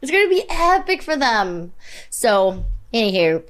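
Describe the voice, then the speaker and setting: A woman in her twenties co-hosting a casual podcast. She tells stories with animated energy and acts out mock spy-thriller scenes. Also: on the high side, a little slow. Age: 20s. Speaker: podcast co-host. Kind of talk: casual chat.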